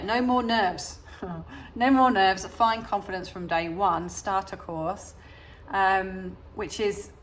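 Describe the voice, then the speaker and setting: A woman's voice: medium pitch, a little hiss or hum. A woman with an English accent, a yoga teacher talking casually to camera, hesitant with many fillers and restarts. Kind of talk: casual talking-head chat.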